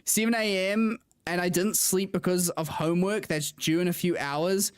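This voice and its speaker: A woman's voice: on the low side, steady tone, normal speed, clean tone. Chatty young woman streaming casually. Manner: chatty, laughs often, lots of "like". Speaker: racing driver VTuber streamer. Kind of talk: casual livestream chat with viewers.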